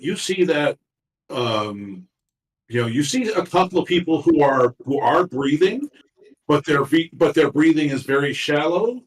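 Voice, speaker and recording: Man game master, halting and full of fillers, echoey room, off-mic. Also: a little high. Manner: halting, many fillers and restarts. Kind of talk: narrating a tabletop game. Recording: roomy echo, far from mic.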